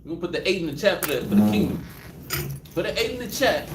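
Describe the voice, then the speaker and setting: A Bible teacher with a Southern US accent leads an interactive Bible study for a live group in a room, acting out prayers and laughing often. His voice sits high with big pitch swings, and he speaks fast. The sound is roomy from a distant mic, with background noise.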